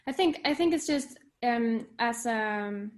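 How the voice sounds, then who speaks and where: A woman's voice: on the high side, expressive, slow. A young woman from Sweden, a writer, chatting casually in an interview, laughing easily and often correcting herself. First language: Swedish. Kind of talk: casual video-call chat.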